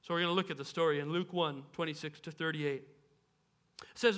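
A man's voice: on the high side, steady tone, brisk, fairly bright tone. A man preaching a sermon in a casual, storytelling way with playful asides. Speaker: pastor.

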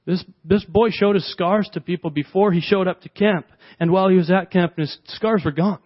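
A man's voice: high-pitched, moderate pace, lo-fi sound. A man preaching a sermon, telling a story earnestly and repeating phrases for emphasis. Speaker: pastor.

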